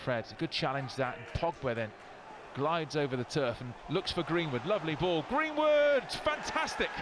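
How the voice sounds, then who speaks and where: A man giving live football commentary, bursting into excited shouts at goals. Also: a little high, normal speed. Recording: broadcast commentary over loud crowd noise. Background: stadium crowd.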